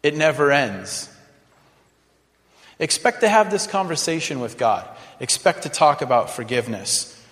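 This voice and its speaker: A man preaching a sermon as a pastor, dramatic and expressive, acting out sample prayers in mock voices. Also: a little high, a little slow. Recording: long hall reverb.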